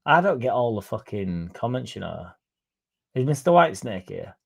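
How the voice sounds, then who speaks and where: A man's voice: mid-range voice, big pitch swings, moderate pace, gravelly, breathy edge. A young man hosting a football fan livestream, chatting sarcastically and reading out viewer comments. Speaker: fan channel host.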